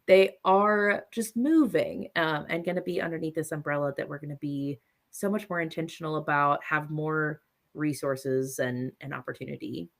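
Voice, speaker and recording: A man's voice: fairly high pitch, steady tone, normal speed, gravelly, fairly bright tone. A man hosting a live podcast, talking in an upbeat, promotional way. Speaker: podcast host.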